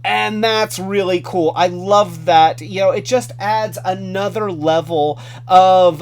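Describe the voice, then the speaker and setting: Slow-talking enthusiastic man reviewing toys. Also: high-pitched, a little hiss or hum. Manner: enthusiastic, rambling with fillers and restarts. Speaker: toy review host. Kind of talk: casual hands-on product review.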